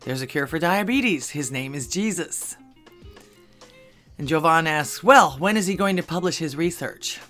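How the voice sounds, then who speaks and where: With faint music in the background, a Texas channel host at home reads out funny social media posts in an animated, unhurried, medium-pitched voice that's a bit bright. Dry remarks fill the gaps between posts, and the jokes draw chuckles.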